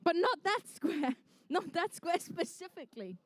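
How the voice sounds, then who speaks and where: Kiwi lady calling a robot comp, high voice, joking around, dry close sound. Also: very animated, a little slow, no echo. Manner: playful, jokey, chatty with teams. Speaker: event emcee and commentator. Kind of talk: live competition commentary. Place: indoor conference venue.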